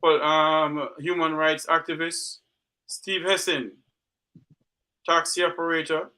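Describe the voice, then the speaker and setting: Jamaican talk show host, high bright voice, fired up and close to tears. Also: male voice, little pitch movement, takes it slowly. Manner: impassioned, rhetorical questions. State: near tears. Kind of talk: emotional talk show monologue.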